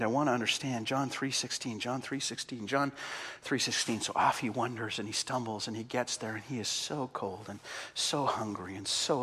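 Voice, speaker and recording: A man preaching a sermon and telling a story, impassioned, swinging between loud outbursts and quiet, slow passages. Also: mid-range voice, breathy edge. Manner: impassioned, big swings in loudness. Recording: long hall reverb.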